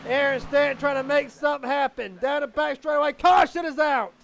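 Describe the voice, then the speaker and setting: High-voiced excitable race commentator man. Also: gravelly, slight background noise. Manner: excitable, quickens on the action. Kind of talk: live sim racing commentary.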